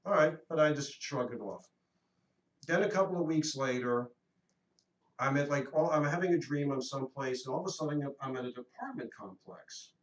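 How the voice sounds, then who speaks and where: Radio host in his 50s, earnest and animated storyteller, a bit off the mic in an echoey room. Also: fairly high pitch, normal speed. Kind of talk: casual storytelling on a talk radio show. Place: radio studio. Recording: roomy echo, mic at a distance.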